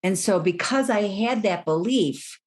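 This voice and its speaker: A woman's voice: medium pitch, expressive, unhurried, darkish tone. Candid middle-aged lady coach, talking through her past thoughtfully. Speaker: life coach guest. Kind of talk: reflective interview talk.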